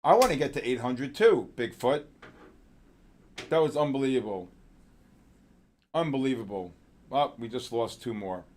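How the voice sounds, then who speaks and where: A man hosting a live trading stream, talking excitedly with chat viewers by name and pushing them on their trades. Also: mid-range voice, normal speed, pauses often. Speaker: trading show host.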